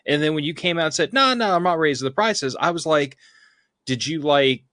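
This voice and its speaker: A man's voice: fairly high pitch, animated, fairly quick, a bit bright, no echo, studio quality. A man co-hosting a podcast, chatting casually in a wry, jokey manner.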